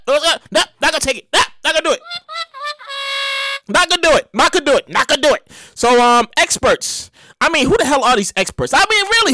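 A woman's voice: high voice, bright, forceful tone, no echo. A woman vlogger ranting in a casual, profane way, stammering and repeating phrases as she reacts.

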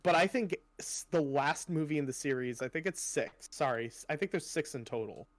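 A man's voice: a little high, lively intonation, a little fast, no echo. A young man chatting casually on a podcast, rambling with lots of fillers and casual swearing. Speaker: podcast co-host. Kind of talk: casual chat.

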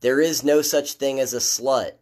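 Guy doing sardonic commentary on a documentary, lots of ums and restarts, middle pitch. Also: moderate pace, darkish tone. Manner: critical, sardonic, with many fillers and restarts. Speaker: political commentator.

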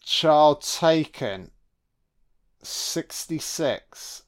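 A man's voice: a little high, animated, drawn-out words. A man giving a casual film commentary, sweary, sarcastic and mocking.

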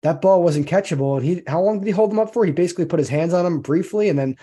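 A man's voice: high-pitched, racing, warm tone, husky. A man co-hosting a casual podcast, venting his disappointment in an easy conversational way. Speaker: podcast co-host. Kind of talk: casual sports chat.

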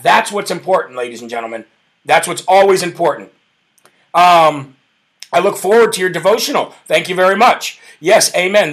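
A man hosting a live political talk show, fervent and preacher-like, reading viewer comments out loud. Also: high-pitched.

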